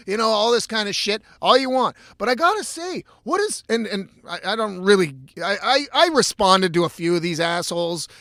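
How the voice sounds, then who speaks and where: A man with a high, bright voice and a forceful tone hosts a casual solo podcast from inside his van. He rants in a profane, exasperated way, swearing a lot and restarting often. The recording is dry, with a clean studio sound.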